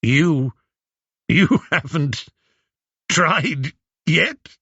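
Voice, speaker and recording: A man's voice: mid-range voice, wildly swooping pitch, takes it slowly, sharp tone, no room sound, muffled recording, pitched above the performer's own voice, full character voice. A man voicing an arrogant young nobleman who leads a group of suitors, pompous, barking and indignant. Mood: mocking.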